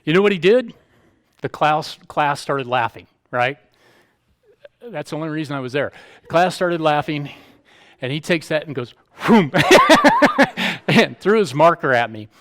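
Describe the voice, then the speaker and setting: A man's voice: fairly high pitch, expressive, moderate pace, long pauses, fairly bright tone. A male pastor, preaching a sermon in an emphatic, conversational storytelling way.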